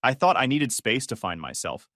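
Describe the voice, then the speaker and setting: A man voicing a young ex-girlfriend who talks softly and shakily, close to tears. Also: medium pitch, sing-song, moderate pace, no room sound. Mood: tearful. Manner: shaky, soft, near tears. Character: young woman, tearful ex-girlfriend, pleading.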